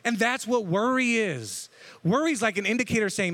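This man's voice is high, animated, and brisk, with a fairly bright tone. He's a pastor giving a laid-back, humorous sermon, frequently tossing a "right?" to his listeners.

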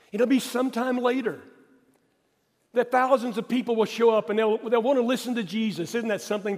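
High-voiced male pastor preaching. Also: long reverb tail. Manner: emphatic and repetitive, rising to stress points, then dropping quiet. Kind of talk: sermon.

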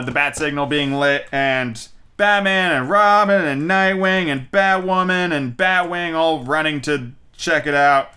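A young man giving a casual, rambling movie review, excitable and full of fillers and swearing. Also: fairly high pitch, clear, resonant tone.

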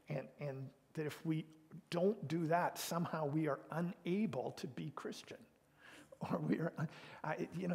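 A man, a pastor, giving a sermon in an earnest, conversational way, at times dropping into hushed tones, and moving into prayer. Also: fairly high pitch, vocal fry. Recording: long reverb.

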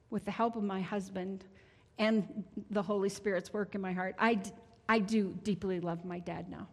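A woman in her sixties giving a heartfelt, conversational testimony sermon as a prayer minister in a church sanctuary. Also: medium pitch. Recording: long church hall reverb.

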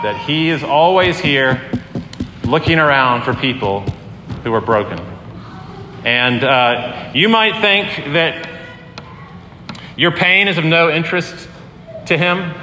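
A man's voice: fairly high pitch, bright, forceful tone. A man preaching a sermon as pastor in a conversational, earnest way with many fillers. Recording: echoey hall, long reverb, faint room noise.

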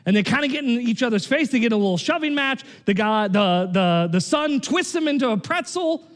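Male pastor, high voice, chatty and animated sermon delivery. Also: fairly quick. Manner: conversational, animated, frequent "right?" and "like".

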